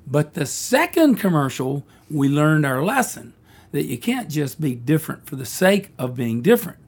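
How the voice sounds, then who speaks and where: A man in his sixties telling a wry, easygoing story about his career as a jingle writer. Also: a little high. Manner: wry, easygoing, self-deprecating. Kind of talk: storytelling reminiscence.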